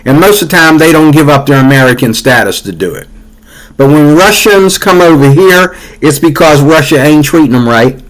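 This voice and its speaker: A man's voice: fairly high pitch, expressive, moderate pace, low-quality recording. A man hosting a commentary channel, reacting heatedly to news clips in a casual, repetitive way. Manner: heated, repetitive, conversational with fillers.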